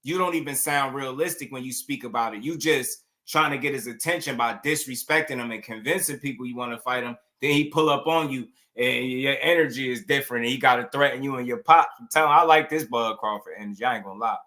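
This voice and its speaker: A man hosting casual commentary and reacting to a clip in an animated, emphatic way. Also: mid-range voice, quick pace, few pauses.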